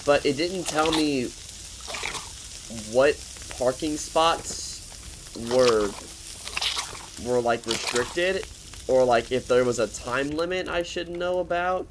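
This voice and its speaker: A man's voice: medium pitch, slight background noise, rough recording. Young man rambling through a storytime. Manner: rambling, profane, joking. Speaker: vlogger. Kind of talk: casual storytime.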